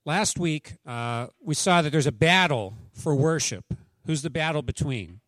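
A man preaching a relaxed, conversational sermon, with a voice sitting a little higher than most men's. He jokes as he goes, and the sound is dry and close. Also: unhurried, dry recording. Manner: chatty, joking, conversational. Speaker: pastor. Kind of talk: sermon with anecdotes.

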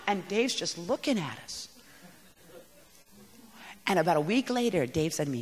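Animated woman speaking in an echoey hall. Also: fairly low pitch, moderate pace, long pauses. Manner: animated and emphatic, self-mocking. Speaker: speaker at a parenting talk. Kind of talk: talk to an audience.

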